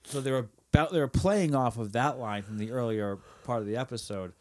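A man's voice: mid-range voice, fairly quick, a little mellow. Easygoing male podcast co-host. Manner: easygoing, jokes by quoting characters. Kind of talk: casual chat recapping a TV episode.

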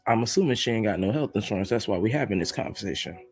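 A man's voice: fairly low pitch, lively intonation, rapid-fire, a little mellow, breathy edge, faint music behind. A man from Brooklyn, hosting his podcast in a casual, joking solo monologue full of laughter. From Brooklyn, New York. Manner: joking, chatty storytelling with laughs. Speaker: podcast host.

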